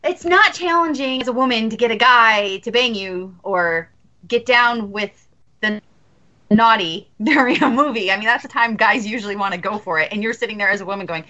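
A woman's voice: on the high side, moderate pace, bright, forceful tone, dull audio. A woman in her thirties chatting candidly as a podcast co-host, joking and restarting her sentences. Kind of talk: casual podcast chat.

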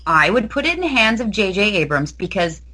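A woman's voice: mid-range voice, very animated, fairly quick, sharp tone. A woman co-hosting a casual podcast, enthusiastic and gushing as she chats. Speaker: podcast co-host.

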